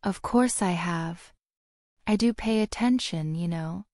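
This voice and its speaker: A stiff, sardonic wizard ambassador with an Australian accent, as a woman reads him, clipped and dry in his replies. The voice is warm and mellow and recorded close and dry, with no room around it. This is a storybook reading. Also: lowish voice, slow pace, no echo. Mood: curt. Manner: curt and dry.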